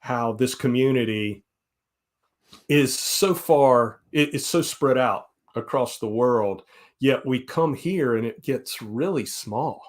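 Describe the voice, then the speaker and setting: An easygoing man in his forties with a Southern US accent rambles through a casual live-stream chat. His voice sits at an ordinary middle pitch. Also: takes it slowly. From South Carolina, US. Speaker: guest host.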